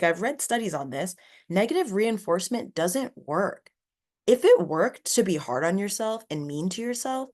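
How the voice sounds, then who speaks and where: A woman's voice: mid-range voice, a little mellow. A woman hosting a solo motivational podcast, talking casually and earnestly with lots of "like" fillers and rambling asides. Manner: earnest and encouraging. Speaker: podcast host.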